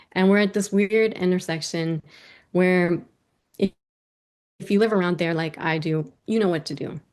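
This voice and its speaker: A middle-aged woman telling a personal story to a virtual audience, lively and self-mocking, acting out the voices she quotes. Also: mid-range voice.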